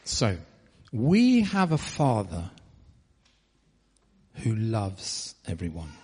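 A man pastor leading a church meeting, chatty and relaxed, speaking with long pauses. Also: on the low side, husky, in a large hall. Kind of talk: informal preaching. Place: church hall.

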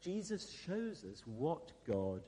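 A man preaching a sermon in a relaxed, conversational way, with fillers and asides to the congregation. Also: on the high side, slow, slight background noise. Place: church hall. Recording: long hall reverb.

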